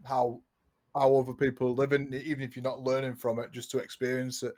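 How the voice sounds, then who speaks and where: A man's voice: medium pitch, monotone, fairly quick, darkish tone. Easygoing man chatting as a guest. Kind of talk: casual chat.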